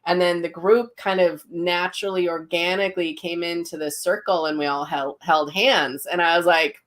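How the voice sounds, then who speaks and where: A woman hosting a casual chat, vividly retelling a story and acting out the voices in it. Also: normal speed. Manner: animated retelling, acts out quotes with big pitch jumps. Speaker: host, psychic medium.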